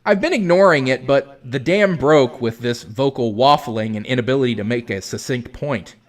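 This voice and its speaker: A man's voice: medium pitch, normal speed. A man hosting a commentary video, responding to a clip in a sarcastic, exasperated, lecturing way.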